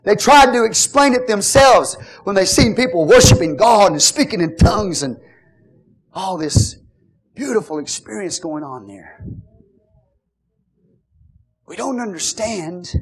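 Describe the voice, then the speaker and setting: A man preaching a fervent sermon, calling out to the congregation and shouting at the peaks. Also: high voice, lively intonation, moderate pace, slightly rough. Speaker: pastor.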